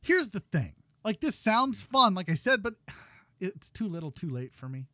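A man co-hosting a casual gaming podcast, talking in an animated, rambling way with laughs and restarts. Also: sits high, normal speed, dry recording, clean studio sound. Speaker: podcast co-host.

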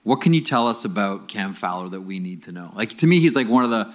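Male podcast co-host, low voice, relaxed and probing. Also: quick pace. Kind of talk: casual interview questions.

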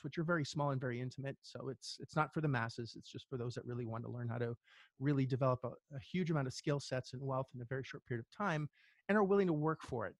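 A man's voice: medium pitch, no room sound. Earnest middle-aged man, dry sound. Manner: earnest, halting, tearful at times. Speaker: guest. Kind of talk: emotional personal story in an interview.

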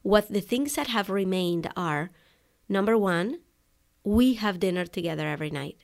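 A woman's voice: medium pitch, expressive, normal speed, gravelly. A woman podcast host talking to her listeners in a casual, conversational way, often adding "right?" and "you know" as she recounts a personal story. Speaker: podcast host for online coaches.

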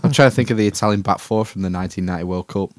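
A man's voice: low voice, rapid-fire, no echo. A man casually chatting on a podcast, telling a story with laughs and casual swearing. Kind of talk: casual chat.

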